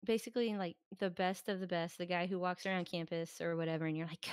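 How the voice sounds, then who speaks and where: A woman's voice: fairly low pitch, brisk, hardly any pauses, clean tone, no echo, clean studio sound. A woman co-hosting a podcast in casual chat, talking freely and acting out quotes in exaggerated voices. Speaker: podcast co-host. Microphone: podcast microphone.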